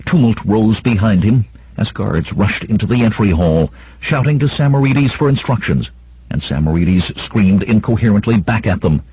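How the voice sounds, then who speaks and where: A man's voice: on the low side, animated, moderate pace, breathy edge, no echo, poor audio. A man narrating an audiobook in a dramatic reading style. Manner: dramatic, voices shouts of characters. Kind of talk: scripted narration.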